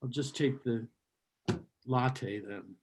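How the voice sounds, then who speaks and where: A man's voice: medium pitch, slow pace, husky. An older man performing a stand-up comedy set, ranting in a sardonic, mock-hostile way, recorded live at a comedy show. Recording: live comedy club with audience.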